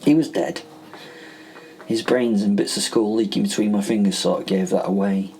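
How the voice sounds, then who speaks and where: A man's voice: fairly low pitch, fairly even intonation, moderate pace, gravelly, darkish tone, soft background music, rough recording. A man, reading a first-person horror story in a casual way with joking asides. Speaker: podcast host.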